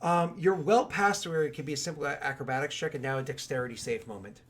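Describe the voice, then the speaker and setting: A man narrating a tabletop game as game master, telling the scene in an animated way with lots of loose filler words. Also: fairly high pitch, fast talker.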